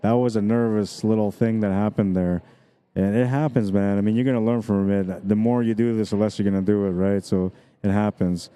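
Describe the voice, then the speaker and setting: Low, mellow-voiced excitable pool commentator. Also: male voice, fairly quick, clean tone. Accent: Canadian. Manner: excitable, breaks into screams and laughs at exciting shots; explanatory, breaks down shot angles like a coach. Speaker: pool match commentator and streamer. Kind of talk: solo live-stream commentary.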